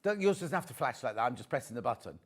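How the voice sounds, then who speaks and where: A man's voice: medium pitch, sing-song, racing. A man presenting on a live shopping channel, chatty and rambling with joking asides.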